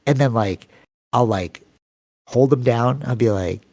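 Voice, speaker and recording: Podcast co-host, Canadian man, rambling storyteller, warm mellow tone, dry close mic. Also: measured pace, dry recording. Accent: Canadian English. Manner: long-winded, rambling storytelling with many fillers; acts out quoted voices with sudden pitch jumps. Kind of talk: casual podcast chat.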